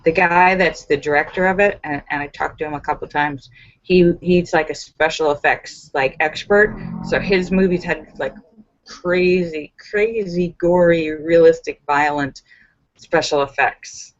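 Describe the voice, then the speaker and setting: A woman's voice: deep voice, measured pace. A woman hosting a casual live stream, giggling often and chatting with viewers through fillers and restarts. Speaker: live stream host reading viewer comments. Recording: slightly dull lo-fi stream audio.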